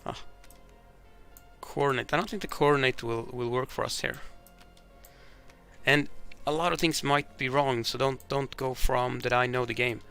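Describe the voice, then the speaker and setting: A man playing a board game alone, reading the rules and story cards aloud and thinking out loud with hesitant restarts. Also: medium pitch, fairly even intonation, moderate pace, gravelly, pauses often, clear, resonant tone, faint music behind. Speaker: board game player demonstrating a game.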